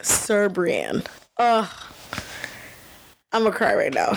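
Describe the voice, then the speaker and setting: A young woman co-hosting a podcast, talking casually about a TV episode, excitable and emotional, with lots of "like" fillers. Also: mid-range voice, takes it slowly, gravelly, pauses often, a little hiss or hum. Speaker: podcast co-host.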